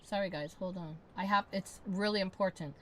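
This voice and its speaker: A woman's voice: mid-range voice, brisk, fairly bright tone. A woman game streamer in casual live-stream chat, ranting in exasperation, swearing and repeating herself.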